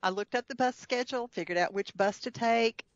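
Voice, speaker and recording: A woman's voice: a little high, brisk, dry recording, highs cut off. A woman guest telling a travel story in casual chat, chatty with frequent fillers and laughs. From United States.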